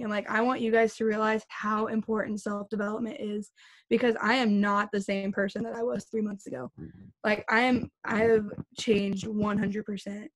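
A young woman on a group video call, chatting casually in a rambling way, full of "like". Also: mid-range voice. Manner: rambling, fillers like "like" everywhere. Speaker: team member sharing her story.

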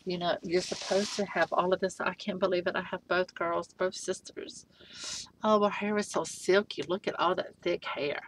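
A woman's voice: lowish voice, fairly even intonation, moderate pace, a little hiss or hum. A woman reviewing a doll she just unboxed, gushing with breathless exclamations.

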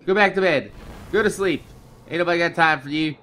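A man's voice: on the high side, brisk, sharp tone. A man hosting a gameplay video, rambling casually with lots of swearing and frequent laughs. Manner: profane, rambling, laughs often.

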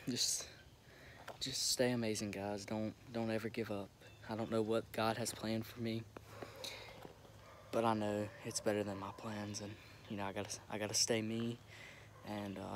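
A young man recording himself on his phone, talking haltingly with many restarts as he holds back tears. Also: lowish voice. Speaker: vlogger. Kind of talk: emotional direct-to-camera update. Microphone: phone camera. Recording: phone recording with noticeable background noise.

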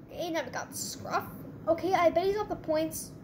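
Excitable channel host, female, very high pitch, reacting fast to gameplay. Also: slight background noise. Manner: excitable, quick reactions, bursts of laughter. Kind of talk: gameplay commentary.

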